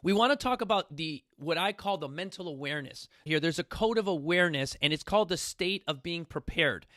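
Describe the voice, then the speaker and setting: Animated man with a bright, high voice. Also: brisk, dry recording, clean studio sound. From New York City. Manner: animated, repeats "you guys", acts out quotes. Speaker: fitness coach hosting a talk. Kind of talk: casual talk to a studio audience.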